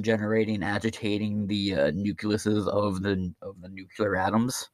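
A man's voice: on the low side, lively intonation, measured pace, few pauses, sharp tone, dry recording, clean studio sound. A man hosting his own podcast, ranting alone in a rambling, mocking and heavily profane way. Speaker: podcast host. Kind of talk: ranting solo podcast monologue.

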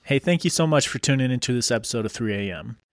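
A man's voice: medium pitch, animated, fast, no echo. A male podcast host reading a closing script in an upbeat, friendly tone. His mid-range voice sounds close and completely dry. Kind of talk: read sponsor-style outro.

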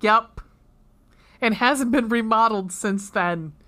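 A woman's voice: fairly high pitch, slow, bright, forceful tone. A woman co-hosting a casual podcast chat, rambling and swearing freely as she laughs through her notes. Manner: rambling, profane, laughs often. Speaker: podcast co-host. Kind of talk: casual chat comparing book and movie.

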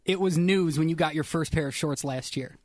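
A man's voice: a little high, brisk, no echo. Dry, teasing male radio co-host. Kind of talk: casual on-air banter. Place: radio studio.

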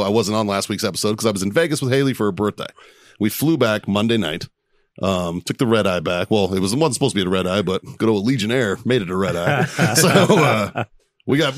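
A male podcast host chats casually, telling an animated story while laughing often and swearing freely. His voice is fairly low and a bit fast, captured in a dry, studio-quality recording.

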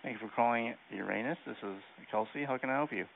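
A man answering the phone at a shop, speaking in a brisk, polite, deadpan way over a tinny phone line. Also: mid-range voice, vocal fry, background noise. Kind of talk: customer service call.

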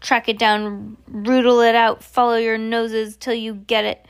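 A woman's voice: medium pitch, lively intonation, normal speed, close to an everyday voice. A woman reading aloud and voicing the imperious female leader of the witches, barking orders. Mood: scornful.

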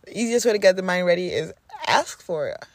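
A woman's voice: lowish voice, expressive, a little fast, no echo. A woman podcast host delivering a spiritual affirmation talk, repeating phrases with rhythmic emphasis.

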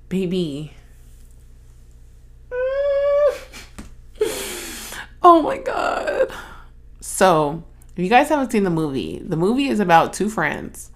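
A young adult woman hosting her own podcast, chatting casually and expressively, swearing and jumping high when acting out stories. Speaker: podcast host. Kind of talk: casual solo chat.

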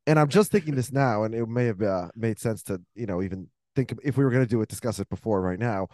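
A man's voice: fairly low pitch, fast, a little mellow, no room sound, studio quality. A man hosting a casual podcast chat, thinking aloud and rambling between points. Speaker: podcast host.

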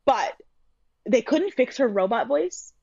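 A woman's voice: a little high, expressive, slow, creaky, dark tone, breathy edge, dry recording, highs cut off. A woman co-hosting a podcast, chatting casually and opinionated as she recaps a TV show with lots of fillers. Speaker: podcast co-host.

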